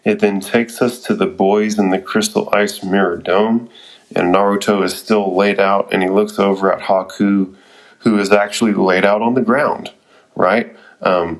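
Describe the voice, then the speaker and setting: Man, lowish voice, casual anime recap, swearing, chatty, excitable asides. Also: unhurried, poor audio. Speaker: anime episode reviewer.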